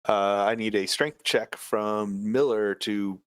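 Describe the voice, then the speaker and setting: A man's voice: fairly low pitch, fairly even intonation, slow, smooth, dry recording. A man narrating a tabletop game as game master, hesitant and full of filler sounds.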